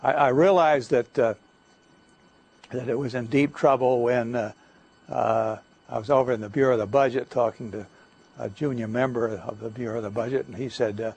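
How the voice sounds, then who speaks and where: An older man giving a guest lecture, telling stories in a halting way, with many fillers and restarts. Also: medium pitch, steady tone, creaky, darkish tone, slightly rough. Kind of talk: anecdotal lecture talk. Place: lecture hall.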